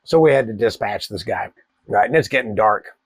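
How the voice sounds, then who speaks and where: A man, telling a wild personal story in a profane, animated way. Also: on the low side, brisk, husky, no room sound. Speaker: cigar channel host. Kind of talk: casual storytelling.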